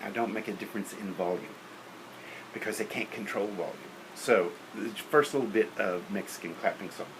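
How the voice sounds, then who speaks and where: Low-voiced man teaching band class. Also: normal speed, a bit bright, slight background noise, poor audio. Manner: counts and sings rhythms aloud; practical, opinionated. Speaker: music teacher. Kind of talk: lecture on teaching beginner band.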